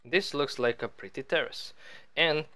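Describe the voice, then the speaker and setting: A man's voice: fairly high pitch, a little slow, pushed and bright. A man giving casual, rambling let's-play commentary as he builds in a game, joking at his own expense. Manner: rambling, playful, self-mocking. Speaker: gaming channel host.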